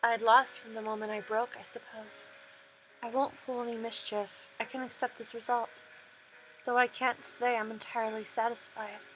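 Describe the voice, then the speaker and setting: A woman voicing a bitter, fading girl spirit who speaks quietly and subdued. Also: fairly high pitch, little pitch movement, moderate pace, slight background noise, natural voice, rough recording. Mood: resigned.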